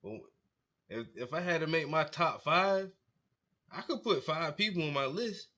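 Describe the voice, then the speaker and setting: A man from South Carolina, hosting a casual music reaction and hyping up an artist in slangy, excitable talk. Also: a little high, unhurried.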